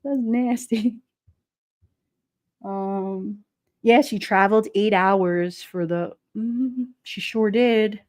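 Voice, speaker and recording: A woman's voice: mid-range voice, slow, a little mellow, dry recording. A woman streamer chatting casually on a livestream, reading out comments in a blunt, sassy, gossipy way.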